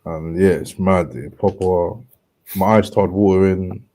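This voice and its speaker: A man speaks in a very low voice with a soft, mellow tone. He talks in a laid-back, slangy way. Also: unhurried. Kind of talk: casual chat.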